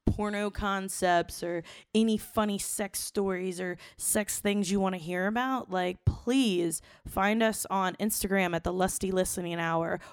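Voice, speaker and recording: A young woman co-hosting a podcast, telling a raunchy story in blunt, profane, animated casual talk. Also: mid-range voice, unhurried, hardly any pauses, smooth, dry recording, clean studio sound. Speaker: podcast co-host.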